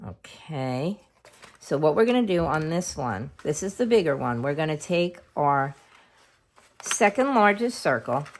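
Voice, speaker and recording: A middle-aged woman hosting a casual craft tutorial at home, chatting homely and unhurried while she works with her hands. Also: sits low, very animated. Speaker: craft video host.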